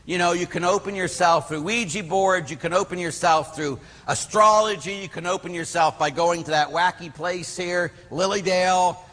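A middle-aged priest from Pittsburgh with a husky voice, preaching through animated stories told with many fillers. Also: male voice, high-pitched, normal speed, hardly any pauses, in a large hall. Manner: animated storyteller acting out quotes, many fillers. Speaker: Catholic priest. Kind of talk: storytelling sermon.

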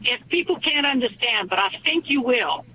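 Man, Cajun accent, caller, tinny phone line, lively up-and-down pitch. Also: normal speed. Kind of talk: telling a joke in a thick accent. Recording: phone line with faint hiss.

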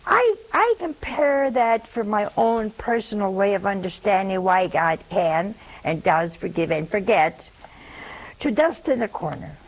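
A woman's voice: medium pitch, expressive, measured pace, poor audio. A woman giving a conversational Catholic religious talk, telling humorous stories and asking her listeners rhetorical questions.

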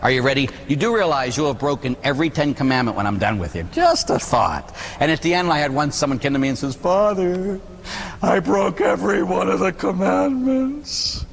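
A man, a Catholic priest, giving an animated, conversational sermon full of rhetorical questions. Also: medium pitch, fast, few pauses, big-room sound, slight background noise.

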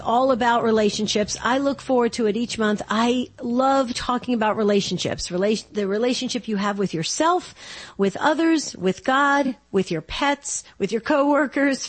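A middle-aged woman hosts a call-in radio show in a rather high voice. She talks in a chatty, rambling way and restarts her phrases. Her voice is slightly hoarse, because she is still under the weather. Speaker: radio talk show host and life coach.

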